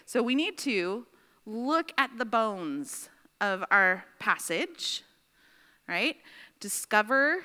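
A woman teaching a Bible study class, dictating slowly with repeated phrases and checking in with her listeners. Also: medium pitch, bright, forceful tone. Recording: long reverb in a large room.

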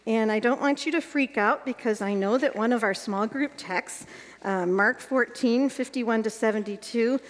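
A woman leads an evening teaching workshop for a group. She guides them through each step and keeps checking whether they follow. Her voice sits at an ordinary middle pitch, and a long reverb trails each phrase as if she is in a large hall. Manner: guiding, asks the group checking questions. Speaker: workshop leader teaching Bible exposition.

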